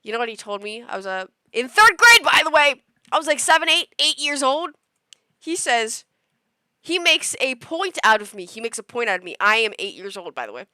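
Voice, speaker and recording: A young woman chatting live on stream with a bright, forceful voice that sits a bit high. She rambles animatedly through a story, restarting lines and acting out quotes. The sound is dry and close. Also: big pitch swings, normal speed, smooth, no echo. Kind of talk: casual storytelling to a live chat.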